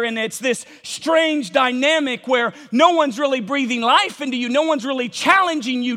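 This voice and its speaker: A man preaching a sermon with passion, calling out to his congregation and rising at times to shouts. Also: very high voice. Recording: long reverb of a large hall.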